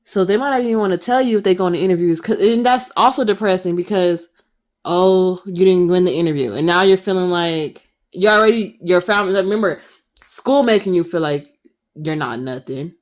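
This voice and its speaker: A woman's voice: on the low side, a little fast. A woman in her twenties ranting passionately to camera in her vlog, firing off emphatic rhetorical questions. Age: 20s. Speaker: vlogger.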